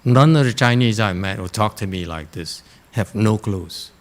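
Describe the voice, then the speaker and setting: A man teaching Chan meditation to students in a Dharma lecture, blunt and direct, often pausing to check in. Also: fairly low pitch. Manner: blunt, frequently checks in with "Okay?".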